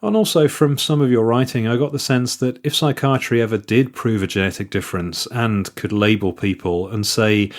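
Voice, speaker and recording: A man hosting a podcast, asking measured, sympathetic interview questions. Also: on the low side. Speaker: podcast host.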